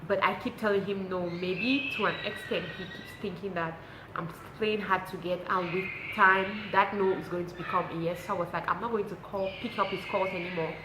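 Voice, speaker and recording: A woman's voice: mid-range voice, fairly even intonation, brisk, background noise. Cameroonian woman vlogging a storytime, acts out the quotes, roomy sound. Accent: Cameroonian English. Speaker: lifestyle vlogger. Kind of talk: storytime vlog.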